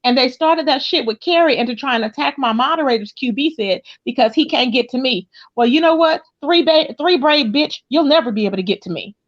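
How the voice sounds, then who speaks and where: A woman hosting a livestream in brash, profane gossip chat, her voice jumping up high when outraged. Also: expressive, a little fast, hardly any pauses, lo-fi sound. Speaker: livestream host.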